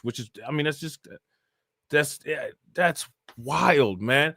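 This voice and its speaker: A man hosting a casual livestream, ranting in animated, slangy commentary and reading chat comments aloud. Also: mid-range voice, moderate pace, no echo, clean studio sound. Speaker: livestream host reacting to news.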